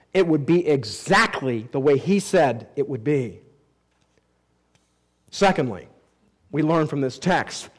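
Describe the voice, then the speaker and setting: A man preaching a sermon, reading scripture aloud and swinging between emphatic rises and low, quiet drops. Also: low-quality recording. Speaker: pastor.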